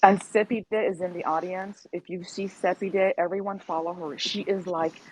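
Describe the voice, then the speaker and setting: A woman's voice: fairly low pitch, fairly even intonation, normal speed, darkish tone, slight background noise, poor audio. A woman speaking passionately and emotionally in a casual audio chat, often repeating herself. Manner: impassioned, emotional, repeating phrases. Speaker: guest speaker. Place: in America.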